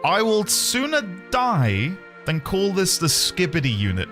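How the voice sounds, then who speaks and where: A man's voice: sits high, wildly swooping pitch, unhurried, a bit bright, faint music behind. A man streaming a video game, chatting casually and joking as he plays. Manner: playful, joking, bursts of laughter. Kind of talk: casual let's-play commentary.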